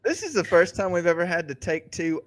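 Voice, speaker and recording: A man's voice: high-pitched, animated, a little fast. A man co-hosting a podcast, upbeat and joking, who laughs easily. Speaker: podcast co-host.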